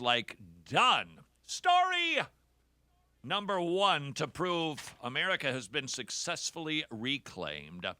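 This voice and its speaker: A man's voice: mid-range voice, bright, forceful tone, no room sound. A man hosting a radio talk show, delivering a sarcastic, jokey monologue. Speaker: host.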